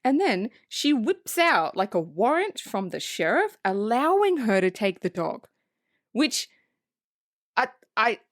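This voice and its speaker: An excitable woman talks through a movie on her podcast, swearing freely and acting out the lines she quotes. Her pitch jumps all over the place, and the sound is dry and close with no room around it. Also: no room sound. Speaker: podcast co-host. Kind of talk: casual movie review chat. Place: podcast recording space.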